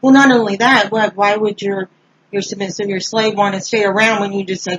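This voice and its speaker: A woman in casual podcast chat, telling a story in an animated way. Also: mid-range voice, a little fast, husky. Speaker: podcast co-host. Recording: slightly dull lo-fi sound.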